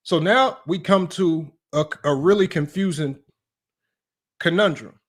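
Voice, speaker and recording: A man's voice: fairly high pitch, measured pace. A man hosting a livestream sports talk show, emphatic and repetitive, tossing in "right?" and "y'all" as he argues a point. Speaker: sports channel host.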